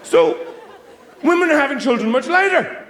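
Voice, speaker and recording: A man's voice: very high voice, big pitch swings, moderate pace, crowd noise, noisy background. A middle-aged man performing a rambling, theatrical stand-up routine on a theatre stage, acting out voices. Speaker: stand-up comedian. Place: theatre stage before a laughing audience. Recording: roomy live theatre sound.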